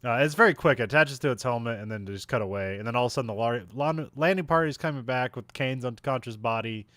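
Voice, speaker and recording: A man's voice: mid-range voice, fast talker, a bit bright, no echo. A man co-hosting a podcast, recapping a film in casual chat, laughing often and trailing off mid-sentence.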